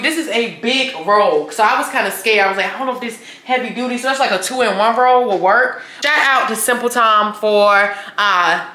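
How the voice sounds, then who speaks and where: A woman's voice: a little high, bright, forceful tone. A woman vlogging casually to her viewers, chatty and blunt, calling them y'all and cursing when annoyed. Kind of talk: casual vlog talk to camera.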